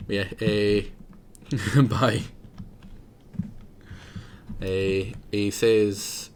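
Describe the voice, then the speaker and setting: A man's voice: fairly low pitch, flat delivery, very slow, a little mellow, a little hiss or hum. Chatty man streaming a game. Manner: rambling, chatty, talks to himself, laughs often. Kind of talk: casual live gameplay commentary.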